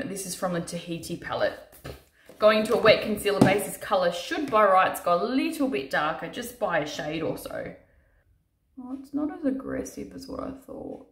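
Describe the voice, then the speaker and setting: A tired woman talking through a makeup tutorial, chatty and self-mocking, swearing casually as she works. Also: medium pitch. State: tired from little sleep. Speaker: makeup artist doing a tutorial. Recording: roomy echo.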